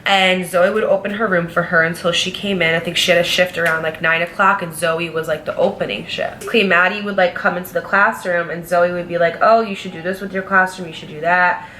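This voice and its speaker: A young woman vlogger telling a casual storytime, chatty and animated, full of fillers. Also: lowish voice, fairly quick, slight background noise.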